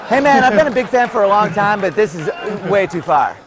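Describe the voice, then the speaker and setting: A man heckling a comedian, shouting his remarks from the audience. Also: high voice, sing-song, a little fast, crowd noise.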